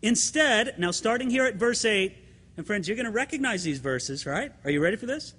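A middle-aged pastor preaching with a high, bright, ringing voice. He presses his points hard and asks the congregation rhetorical questions, calling them friends. His voice carries a long reverb from a church sanctuary. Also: lively intonation, brisk, breathy edge. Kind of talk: sermon.

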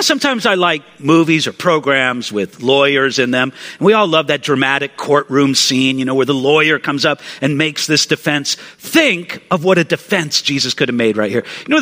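Bright-voiced preacher in a reverberant hall. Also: male voice, on the high side. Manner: conversational storytelling, frequent restarts. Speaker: pastor. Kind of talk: sermon. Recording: long reverb of a large hall.

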